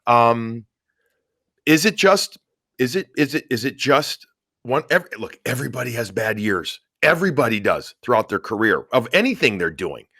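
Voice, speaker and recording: A man's voice: medium pitch, very animated, normal speed, sharp tone, no echo, clean studio sound. A man hosting a sports podcast, chatting casually and reading out listener questions. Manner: conversational, reads questions aloud. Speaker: podcast host.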